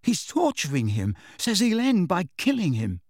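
Man doing an urgent, shouting teenage boy. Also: high-pitched, wildly swooping pitch, moderate pace, no room sound, studio quality, voice pushed up, heavily acted.

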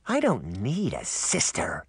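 A man's voice: on the low side, huge pitch swings, slow, slightly rough, no echo, clean studio sound, heavily acted. A man voicing a demented little girl who shrieks and talks in a sing-song way, in an audiobook. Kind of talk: audiobook character voice.

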